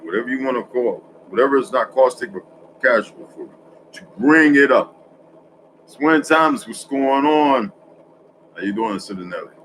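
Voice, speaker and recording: A man's voice: medium pitch, a little hiss or hum, rough recording. Rambling man in a casual monologue. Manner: rambling, self-correcting, swinging between loud and hushed.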